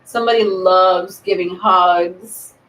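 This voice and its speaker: A woman giving a live tarot reading, rambling and thinking aloud with many pauses and ums. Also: on the low side, steady tone, fairly bright tone, slight background noise. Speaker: tarot reader. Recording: roomy echo.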